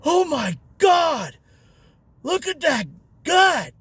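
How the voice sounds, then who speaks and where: A drunk, bewildered man blurts out panicky questions in a strained, high voice , as a storyteller puts him on. He sounds lost and alarmed and keeps pushing his pitch up. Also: very animated, drawn-out words, fairly bright tone, dry recording, raised voice, heavily acted. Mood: exclaiming. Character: drunk confused adult male passenger.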